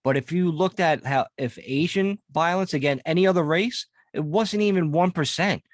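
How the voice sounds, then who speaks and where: A man's voice: on the high side, normal speed, dry recording, studio quality. A man co-hosting a casual podcast, chiming in with quips and laughs. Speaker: podcast co-host.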